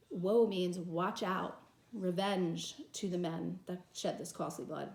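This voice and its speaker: A woman's voice: fairly low pitch, fairly even intonation, measured pace, vocal fry, a little mellow. Young woman, teacher; dramatic verse reading, plain explanations, echoey room. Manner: reads the verse aloud dramatically, then paraphrases plainly. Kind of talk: reading and explaining a play to students.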